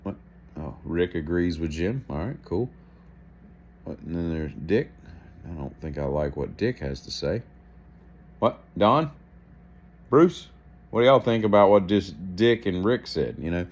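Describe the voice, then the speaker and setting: Animated man telling a rambling story. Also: low-pitched, measured pace, long pauses. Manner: animated, self-deprecating, acts out gestures and inner thoughts. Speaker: daily show host.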